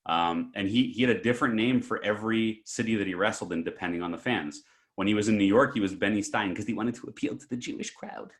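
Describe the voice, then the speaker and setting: A man co-hosting a podcast and telling stories in an animated, casual way. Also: lowish voice, fast. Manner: animated, breaks into shouts and laughter while telling stories. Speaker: podcast co-host. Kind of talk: casual storytelling chat.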